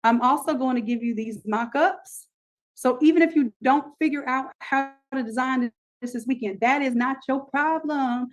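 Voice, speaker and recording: High-voiced woman selling on a live stream. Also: normal speed, rough recording. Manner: energetic, repeats herself, talks straight to viewers. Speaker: online design class host. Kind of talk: live-stream sales pitch and teaching.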